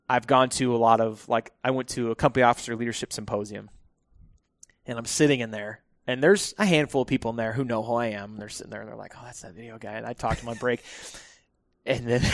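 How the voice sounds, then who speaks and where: In a clean, echo-free studio recording, a firefighter guest with a mid-range voice tells stories on a relaxed podcast. Laughter comes often, and he keeps restarting his sentences.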